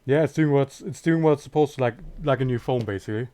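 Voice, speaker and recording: Calm male repair technician, mid pitch. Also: fast. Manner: calm, matter-of-fact explaining. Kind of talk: casual workshop chat.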